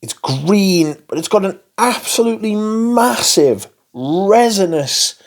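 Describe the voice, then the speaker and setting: A man's voice: high voice, animated, takes it slowly. A man chatting casually and enthusiastically about perfumes, swearing freely and rambling between thoughts. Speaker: fragrance reviewer. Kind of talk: casual chat.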